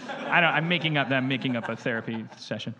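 A man's voice: mid-range voice, fast talker, a crowd in the background. Rambling man telling a stage story. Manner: rambling, self-interrupting, with sudden loud outbursts. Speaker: podcast host. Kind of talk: comedic storytelling before a live audience.

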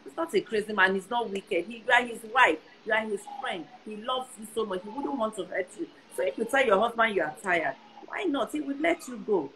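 A woman's voice: medium pitch, expressive, brisk, hardly any pauses, bright, forceful tone, a little hiss or hum, poor audio. A Nigerian woman in her sixties giving earnest advice in casual conversation, often repeating herself for emphasis. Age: 60s. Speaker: guest.

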